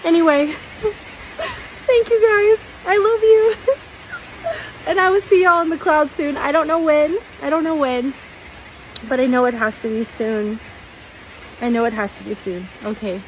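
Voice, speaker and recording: A woman's voice: high-pitched, unhurried, long pauses, a little hiss or hum, poor audio. A middle-aged woman telling a personal dream testimony in an earnest, tearful way, often laughing.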